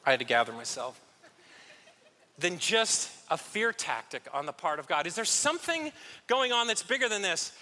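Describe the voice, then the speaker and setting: A man's voice: high voice, big pitch swings, moderate pace, bright, forceful tone, in a large hall. A man preaching a conversational sermon as pastor, acting out little scenes and poking fun at himself. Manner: conversational, self-deprecating, acts out little scenes.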